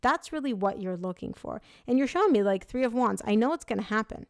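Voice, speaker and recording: A young woman giving a casual tarot reading, talking frankly and loosely with lots of "like" and quick self-corrections. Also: a little high, lively intonation, no room sound, clean studio sound. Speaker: tarot reader.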